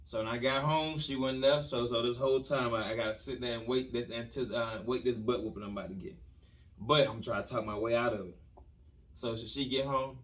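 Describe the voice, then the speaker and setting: A man hosting a podcast who tells a comic story in an animated, repetitive way with lots of slang and restarts. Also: medium pitch, fairly quick, far from the mic. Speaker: podcast host telling a story.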